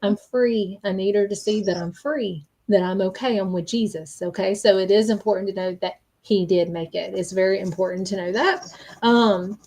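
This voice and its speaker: A woman's voice: medium pitch, normal speed, a little mellow. A woman hosting a live-stream reading as a psychic medium, speaking earnestly and stopping often to check in with "okay?" between frequent ums.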